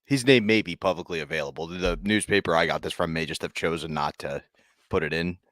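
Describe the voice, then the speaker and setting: A man's voice: deep voice, fairly quick, a bit bright, dry recording. A man co-hosting a comedy podcast, trading crude jokes in a dry, casual way. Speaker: podcast co-host.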